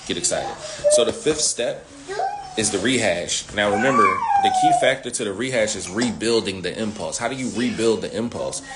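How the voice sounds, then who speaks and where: A man teaching sales techniques in an animated way, repeating key phrases and talking with slang. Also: on the low side, normal speed, very noisy. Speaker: sales coach.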